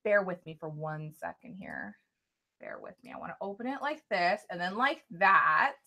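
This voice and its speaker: A woman's voice: on the low side, very animated, moderate pace, creaky, bright, forceful tone. A woman chatting casually on a live stream, reading out viewer names, thanking viewers and apologizing a lot. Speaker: live-stream tarot reader.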